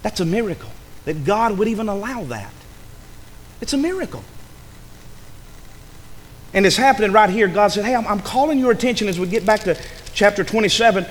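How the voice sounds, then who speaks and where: A man preaching a sermon, dramatic, dropping to a hush and rising to a shout. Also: sits high, lively intonation, fairly quick, pauses often, big-room sound, a little hiss or hum.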